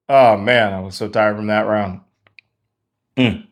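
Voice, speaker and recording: A man teaching a singing lesson as a vocal coach, out of breath and talking with energetic, repeated emphasis. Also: fairly low pitch, unhurried, pauses often. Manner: energetic, repetitive emphasis, laughs between points.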